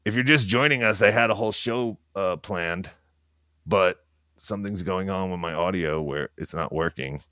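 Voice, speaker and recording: Brief: low-pitched male streamer, profane and rambling, talking quietly at home at night, dry room. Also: moderate pace, no echo. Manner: talking quietly so as not to wake others. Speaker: livestreamer. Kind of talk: casual livestream monologue.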